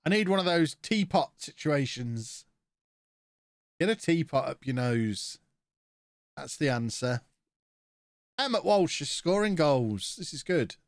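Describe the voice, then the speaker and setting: A man's voice: on the high side, sing-song, measured pace, long pauses, no room sound, clean studio sound. A man with a blocked nose, chatting and joking through a live-streamed game commentary as he reacts to his chat.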